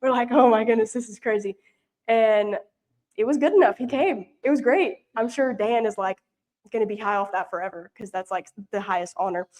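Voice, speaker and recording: A woman's voice: fairly high pitch, fairly quick, darkish tone. Young woman from Louisiana, easygoing and talkative, telling stories to a church group with lots of fillers. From Louisiana, US South. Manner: chatty and rambling, many fillers and restarts. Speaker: mission intern giving a report. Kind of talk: casual storytelling talk. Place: church prayer meeting, showing pictures.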